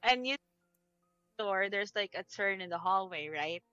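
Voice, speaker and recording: A woman's voice: mid-range voice, lively intonation, measured pace, bright, forceful tone, clean tone, dry recording, highs cut off, soft background music. A woman playing a tabletop role-playing game over voice chat. She describes her character's actions in a chatty way, with many fillers and a lot of laughing. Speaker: player.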